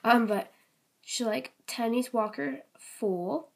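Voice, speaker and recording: Teen girl vlogger, slow rambling show-and-tell, filler-heavy and apologetic. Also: fairly high pitch, gravelly. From Canada. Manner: rambling, many ums and likes, apologetic. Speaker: toy collection vlogger. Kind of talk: casual show-and-tell vlog.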